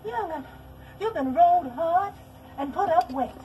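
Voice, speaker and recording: Bossy churchgoing farm woman, very high lively voice, film hiss. brief: folksy and scolding. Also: measured pace. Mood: coaxing. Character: pious rural Southern woman tending a stranger.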